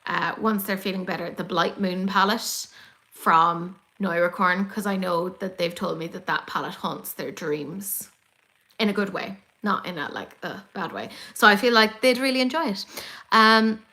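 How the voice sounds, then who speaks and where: Bright-voiced excitable Irish woman. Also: mid-range voice, normal speed. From Ireland. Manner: excitable, chatty, swears, gasps. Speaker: beauty livestream host. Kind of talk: casual chat reading live comments.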